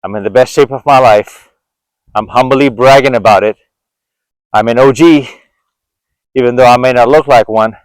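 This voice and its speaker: Man in his forties, earnest and reflective, middle pitch, dry close sound, walk-and-talk vlog. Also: normal speed, pauses often, no echo, low-quality recording. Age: 40s. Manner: earnest, reflective, with frequent restarts. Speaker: vlogger. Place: outdoors on a walk.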